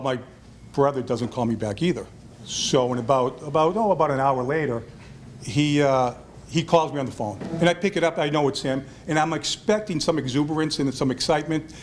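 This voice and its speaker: At a restaurant event, a man gives a hall of fame acceptance speech built around a self-deprecating story, mimicking the voices of the people involved. His voice is mid-range, and there's slight background noise.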